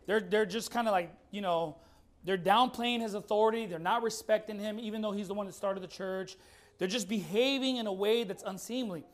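Emphatic male preacher asking rhetorical questions. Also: sits high. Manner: reads scripture slowly and deliberately. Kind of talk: sermon with Bible reading.

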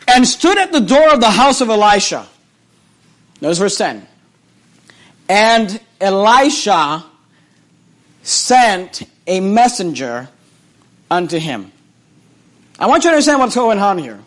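A man preaching a sermon, reading scripture aloud and retelling it with animated, repeated phrases that swing between loud and hushed. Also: extremely high pitch.

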